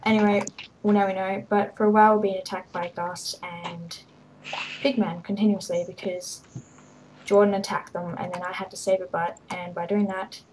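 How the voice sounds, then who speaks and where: Woman, casual game commentary, rambling, hesitant with lots of ums, mid-pitched voice. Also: level tone, background noise. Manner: rambling and hesitant, many ums, quick to laugh. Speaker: host touring her game server.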